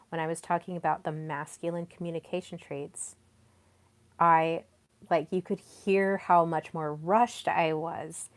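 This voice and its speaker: A woman hosting a solo podcast, talking softly and deliberately with many pauses. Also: low voice. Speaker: podcast host. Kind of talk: solo podcast talk on communication.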